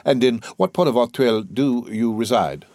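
A man's voice: medium pitch, normal speed, a little mellow, no room sound, clean studio sound, lightly acted. A man voicing an anxious, stiff middle-aged magistrate in an audiobook, speaking formally and stammering at times. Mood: uneasy.

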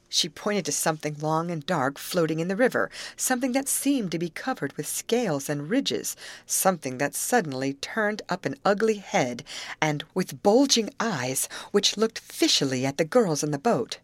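Brief: woman audiobook narrator, low and expressive, varied intonation. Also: normal speed, no room sound. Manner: expressive, voices each character. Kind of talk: audiobook reading of a novel.

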